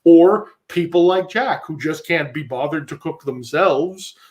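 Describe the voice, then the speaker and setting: A man's voice: on the high side, a little slow. Sarcastic man ranting on a livestream. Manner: sarcastic, ranting, acts out voices. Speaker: livestream co-host. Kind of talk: mocking comedic commentary.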